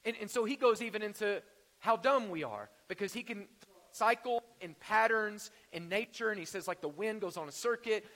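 A man's voice: high-pitched, moderate pace, a bit bright, long reverb tail. A man preaching a sermon in a conversational way, with jokes and rhetorical questions. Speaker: pastor.

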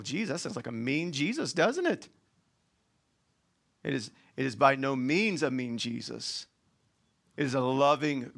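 A male preacher with a bright, forceful voice, delivering a sermon in plain, folksy talk. He climbs high and loud to hammer a point, then drops into soft, low asides. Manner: animated, swings from loud emphatic preaching to quiet asides; colloquial, folksy phrasing.

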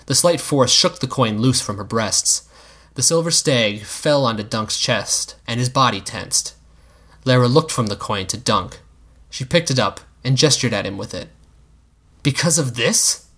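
A man narrating an audiobook in a measured storytelling manner. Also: medium pitch, a bit bright, breathy edge.

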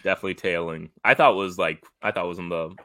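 A man's voice: deep voice, very fast, bright, forceful tone, no room sound. A man with a Midwestern accent in a casual sports betting chat, easygoing, rambling and self-mocking. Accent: Midwestern American.

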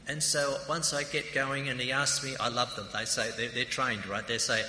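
An Australian man delivers a sermon in a chatty, story-telling style, his voice bright and tense at the edges. His words ring through a roomy hall with a long reverb, and a faint hiss sits underneath. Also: mid-range voice, little pitch movement, moderate pace. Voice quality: introverted by nature. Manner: conversational, anecdotal preaching. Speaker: preacher and theological college principal.

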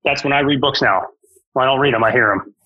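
A man co-hosting a podcast, chatting casually with friends and reading an ad in a relaxed, easygoing way. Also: medium pitch, fast, breathy edge, dry recording, highs cut off. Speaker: podcast co-host. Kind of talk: casual chat and sponsor read.

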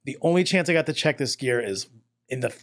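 A man hosting a casual chat, relaxed and quick to laugh, telling anecdotes with asides. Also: medium pitch.

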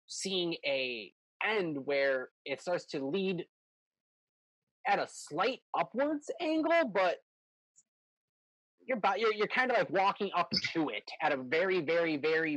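A man's voice: fairly high pitch, lively intonation, unhurried, a bit bright, dry recording, dull audio. A man running a tabletop game as game master, describing scenes in a rambling, self-correcting way.

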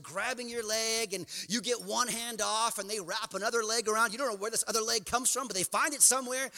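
High, bright-voiced preaching man in a hall. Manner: builds from quiet storytelling to impassioned, near-shouted preaching. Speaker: pastor. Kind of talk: sermon. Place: church sanctuary. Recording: church hall reverb.

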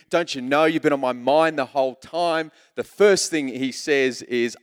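A man's voice: mid-range voice, clean tone, in a large hall. A man preaching a sermon as pastor, emphatic, repeating words as he builds a point.

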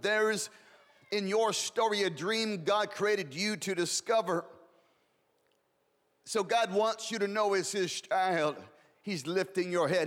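A man's voice: on the high side, fairly bright tone, long reverb tail. A man preaching a sermon with passion, repeating words and building in rising waves.

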